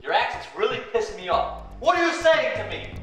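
A man plays a hotheaded gunman who yells and swears at everyone around him. His voice is strained and very high, and it comes from far off in a very echoey space with music behind it. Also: big pitch swings, brisk, full character voice. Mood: angry. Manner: yelling, swearing. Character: hotheaded male gunman, short-tempered. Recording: distant, very echoey room with music.

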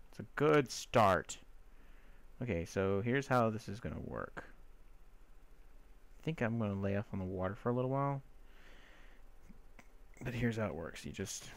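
A young man giving excitable, cursing gameplay commentary and talking to himself as he plays. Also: lowish voice, slow, vocal fry, long pauses. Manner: excitable, swearing, talks to himself and the mobs. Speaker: let's player.

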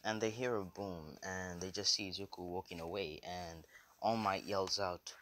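Young man, casual storyteller, rambling and unscripted, very deep voice. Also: fairly even intonation, moderate pace, fairly bright tone, slight background noise. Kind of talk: casual fan story retelling.

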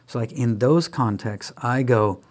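A man's voice: medium pitch, measured pace. A man who is a guest on an interview podcast, talking with energy and acting out bits of dialogue as he tells stories about his kids. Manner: animated storyteller who acts out dialogue in voices; energetic, emphatic, with frequent restarts. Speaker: guest speaker and author.

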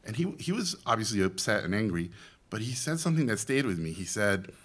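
A man in his forties with a Mexican accent gives an animated storytelling talk to students. His voice is bright and forward, with a ringing edge. He slips into the voices of the people in his stories. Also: on the low side, brisk. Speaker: guest speaker, animation director.

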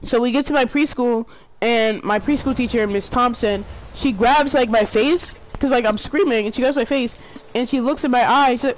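A woman's voice: fairly high pitch, normal speed, rough recording. A woman chatting casually while gaming, telling a rambling childhood story with swearing and slang.

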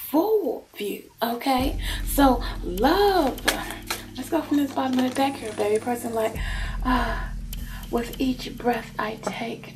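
Woman, tarot reader, high pitch, animated and teasing, noisy background. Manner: animated, teasing, calls the listener baby. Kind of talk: tarot love reading.

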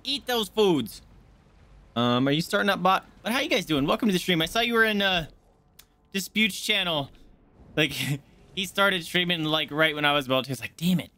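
Lively bright-voiced male game streamer. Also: high-pitched, fairly quick. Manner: chatty, excitable, greets chat viewers. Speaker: gaming streamer. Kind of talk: casual live-stream chatter over gameplay. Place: home streaming setup.

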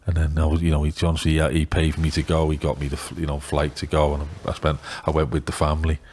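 A middle-aged man with a Liverpool accent, telling rambling, excitable stories in a casual podcast chat. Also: very deep voice, fast, a little hiss or hum. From England. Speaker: youth football scout.

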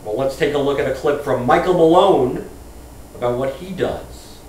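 A man's voice: mid-range voice, normal speed, a little mellow. A man hosting a comedy web show, chatting with a guest in a joking, self-deprecating way. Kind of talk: casual interview chat. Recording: distant roomy mic with faint noise.

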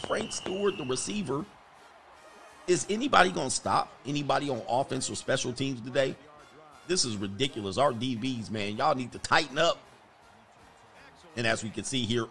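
A man giving excited play-by-play commentary of his own football video game, casual and slangy, bursting into loud exclamations at big plays. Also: medium pitch, fairly quick, a little hiss or hum.

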